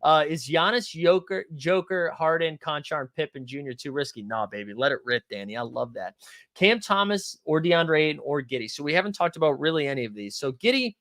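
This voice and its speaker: A man fires off quick, profane takes as he hosts a live stream and answers viewer questions. His voice sits a little high for a man. The recording is dry and close, with no room echo. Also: expressive, fairly bright tone. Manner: fast-talking, says so himself; loose and profane, hedging picks aloud. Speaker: fantasy sports streamer host.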